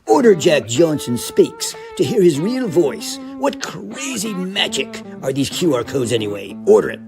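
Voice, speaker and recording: A hammy, theatrical Churchill impression in a radio ad, an elderly British statesman put on by a man with a deliberately awful British accent. The voice sits high and swoops about with plenty of lift. A clear music bed plays underneath. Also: big pitch swings. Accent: deliberately bad put-on British.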